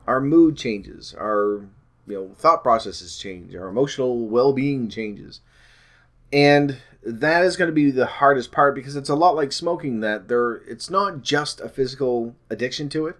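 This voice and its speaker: A man's voice: medium pitch, lively intonation, a little slow. Rambling man vlogging about weight loss. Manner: rambling, self-correcting, frequent ums. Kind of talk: casual talk to camera.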